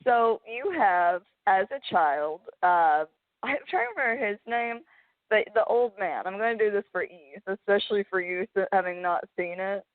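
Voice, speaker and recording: A woman's voice: mid-range voice, moderate pace. A young woman hosting a podcast, rambling through a story with many restarts and getting emotional as she talks. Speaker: podcast host. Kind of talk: casual chat. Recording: phone-like narrow band.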